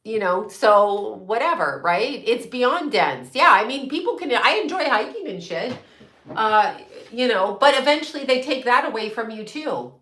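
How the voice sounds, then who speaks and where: A woman's voice: a little high, animated, moderate pace, fairly bright tone, reverberant. A woman host ranting in a blunt, profane, sarcastic way, laughing often as she chats to her viewers. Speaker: psychic medium host. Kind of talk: casual live-stream rant.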